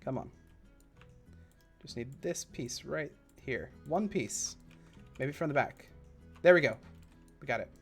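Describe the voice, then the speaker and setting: A man streaming a park-building game live, chatting casually and rambling into side stories while he builds, with sudden excitable bursts. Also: mid-range voice, a little slow, long pauses, husky, soft background music.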